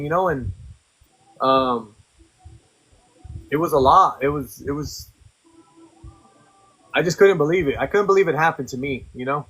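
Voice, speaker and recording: Man, podcast guest, blunt, profane, conversational, bright tense voice, slightly high. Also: a little slow, long pauses, slightly rough, poor audio. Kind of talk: candid personal storytelling.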